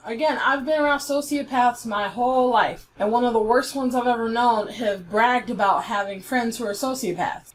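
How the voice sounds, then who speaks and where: A woman's voice: on the high side, normal speed, a little hiss or hum. A woman giving a heated, blunt commentary, swearing freely as she picks apart an online argument. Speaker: YouTube commentator. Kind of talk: ranting commentary.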